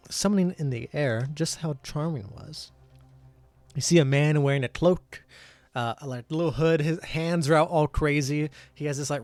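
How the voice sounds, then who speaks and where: A man's voice: on the high side, darkish tone, dry recording. A man narrating a tabletop game as game master, in a casual way with many fillers. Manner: casual, filler-heavy, laughing.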